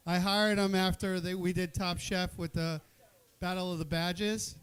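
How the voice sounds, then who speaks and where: High smooth-voiced guy emceeing a cooking event, jokey and rambling. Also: flat delivery, measured pace, a bit bright. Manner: joking, playful, rambling. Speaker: event host. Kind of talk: casual emcee banter. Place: event hall with an audience.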